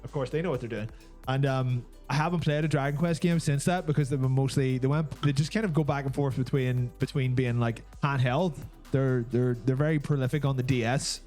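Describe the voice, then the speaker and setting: A man's voice: mid-range voice, steady tone, a little fast, a little mellow, soft background music. A man co-hosting a gaming talk show, in sweary, enthusiastic banter. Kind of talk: casual chat.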